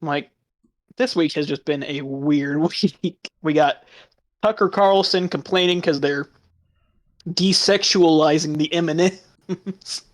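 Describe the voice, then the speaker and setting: A man's voice: a little high, a little slow. A man chatting casually, laughing often through crude, sarcastic remarks. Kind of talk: casual chat.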